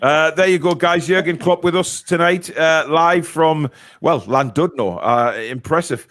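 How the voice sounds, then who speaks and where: A man's voice: fairly high pitch, measured pace, a bit bright, no room sound, clean studio sound. A man hosting a casual live stream, reading viewer comments aloud with lots of fillers. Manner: chatty, reads viewer comments, many fillers. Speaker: host.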